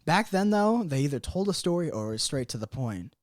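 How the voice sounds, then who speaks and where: A man as a podcast guest in casual chat, animated and laughing a lot. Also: a little high, fairly quick, dry recording, studio quality.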